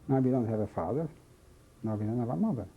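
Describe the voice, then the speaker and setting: An older man from Czechoslovakia gives an oral history testimony about his life, speaking slowly and haltingly and repeating phrases as he remembers. His mid-range voice is husky with lively intonation, captured on a dull lo-fi recording with faint hiss.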